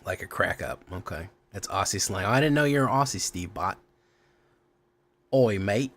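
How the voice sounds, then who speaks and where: A man's voice: sits low, animated, a little fast, vocal fry, pushed and bright. A man hosting a live stream, chatting loosely with his viewers, greeting them by name and muttering at his camera as he goes. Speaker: streamer host.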